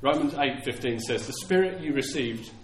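A man's voice: mid-range voice, lively intonation, normal speed. A man preaching a sermon in an earnest way, often repeating words and acting out the lines he quotes. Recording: echoey room with faint ambience.

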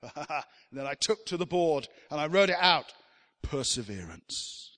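A high-voiced man preaches with real fervour, his bright, forceful tone climbing into loud, emphatic appeals. Long reverb from a large hall trails behind every phrase. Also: moderate pace. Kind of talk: sermon.

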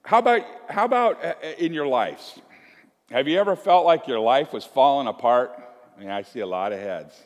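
Guy pastor giving a chatty sermon, normal pitch, lots of restarts, big echoey church sound. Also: lively intonation, moderate pace. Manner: conversational, self-deprecating storytelling with frequent restarts. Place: church sanctuary. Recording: long reverb of a church sanctuary.

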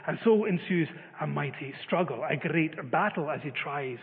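A man's voice: fairly high pitch, animated, moderate pace, creaky. A man preaching a sermon, telling a story with many filler uhs. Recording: phone-like reverberant sound.

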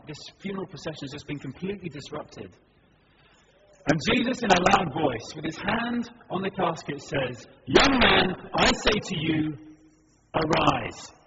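Brief: male preacher, vivid storytelling sermon, fairly high voice; dull, noisy church recording. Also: long reverb tail. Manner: vivid, dramatic storytelling with swings between hushed and loud. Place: church service. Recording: dull recording with background noise.

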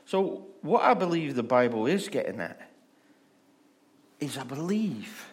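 A man preaching a relaxed, joking sermon at an unhurried pace, often stammering over words before pressing on. His voice sits at an ordinary male pitch. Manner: conversational, humorous, with stammered restarts. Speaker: pastor.

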